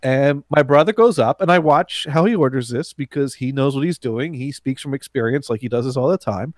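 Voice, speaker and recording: A man's voice: mid-range voice, brisk, no room sound, studio quality. A man telling a rambling anecdote to friends, with many fillers, restarts and laughs. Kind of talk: casual anecdote among friends.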